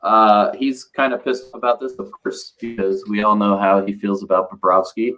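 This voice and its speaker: Man, podcast host, low voice, halting casual chat. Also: flat delivery, sharp tone, low-quality recording. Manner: hesitant, many filler sounds and restarts.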